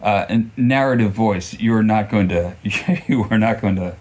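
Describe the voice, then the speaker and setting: A man's voice: on the low side, normal speed, a little mellow. A man giving a casual, rambling book review, full of fillers and restarts, often joking at his own expense. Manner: rambling, self-deprecating, many fillers and restarts.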